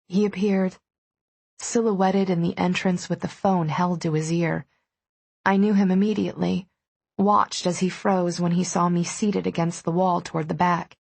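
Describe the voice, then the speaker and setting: A woman narrating a first-person romance audiobook in a steady, intimate storytelling manner. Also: fairly low pitch, moderate pace, vocal fry, husky, no room sound.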